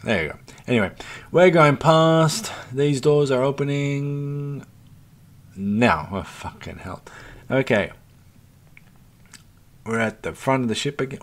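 A man talks through his gameplay in a loose, chatty way, calling his viewers folks. He swears freely and grumbles at the game under his breath, his voice sitting at an ordinary middle pitch for a man. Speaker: let's play host. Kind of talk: casual gameplay commentary.

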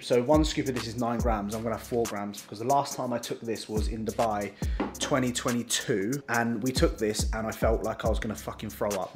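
A young man chats straight to camera in a loose, casual vlog voice, blunt and self-mocking, with swearing in nearly every sentence. His pitch sits mid-range for a man, and music plays clearly behind him. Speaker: fitness vlogger.

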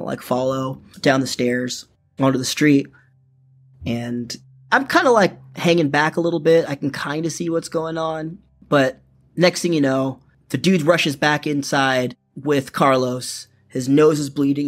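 Casual young man with a lively story. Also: fairly high pitch. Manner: casual, profane, full of "like". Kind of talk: first-person storytelling.

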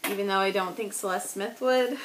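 A woman's voice: mid-range voice, fairly quick, very noisy. Chatty woman scrapbooking at her desk. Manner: chatty, self-deprecating, laughs often. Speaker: scrapbooking vlogger. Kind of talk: casual talk while crafting.

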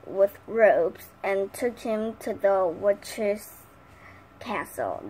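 Slow careful woman reading a story. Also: mid-range voice, darkish tone, a little hiss or hum, rough recording. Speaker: reader.

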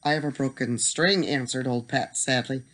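Gentle old harper man, humble and kind, plain storybook voice, as the reader puts him on. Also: medium pitch, moderate pace, lightly acted. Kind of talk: storybook reading.

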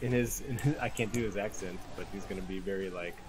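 A man's voice: low-pitched, fast, background noise. A young man gaming with a friend over voice chat, swearing a lot and ranting mockingly in casual banter. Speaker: gamer on voice chat.

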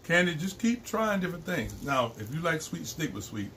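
A man's voice: fairly high pitch, normal speed. A man, co-hosting a casual live-stream chat, rambling and restarting. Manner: relaxed, rambling, frequent restarts and laughs. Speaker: co-host. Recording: faint background noise.

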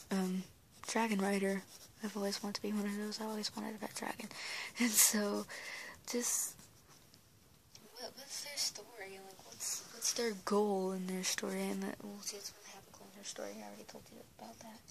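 A woman's voice: medium pitch, vocal fry, a little hiss or hum, rough recording. A young woman giving casual, rambling advice on creating characters, full of restarts and fillers, recorded on a camera mic at home. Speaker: art vlogger. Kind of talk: casual talking-head advice.

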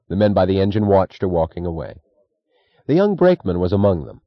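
A man narrating an audiobook in a measured, even reading. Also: sits low, no echo, muffled recording. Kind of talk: scripted narration.

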